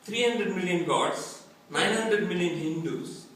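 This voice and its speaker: A middle-aged man from India doing a stand-up comedy set with self-mocking, deadpan punchlines. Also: high-pitched, measured pace. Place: large echoey performance hall. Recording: echoey hall, distant, noisy.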